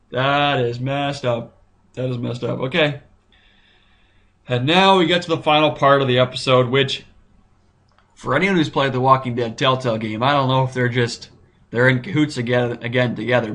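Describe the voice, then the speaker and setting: Man, mid-pitched voice, casual show-review commentary, excitable, rambling, thinks out loud, frequent restarts. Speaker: YouTube TV reviewer.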